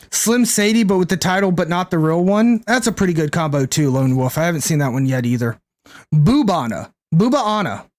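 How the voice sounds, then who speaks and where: A young man with a fairly high voice streams a card game and talks casually the whole time. He thinks his plays through out loud and keeps answering his chat. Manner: chatty, thinks aloud, reads and answers chat. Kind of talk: casual live-stream commentary.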